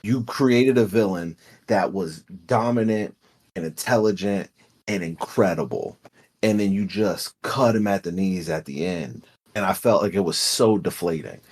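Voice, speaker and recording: A man's voice: deep voice, measured pace, a little mellow, husky. A man on a movie podcast giving emphatic, opinionated takes. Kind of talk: casual movie-discussion chat.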